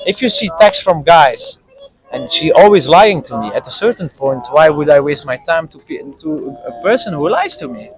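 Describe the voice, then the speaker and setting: A man with venting in a casual chat, animated and frustrated, mimicking a partner's nagging. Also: a little high, normal speed, soft background music, poor audio. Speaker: guest telling his own story.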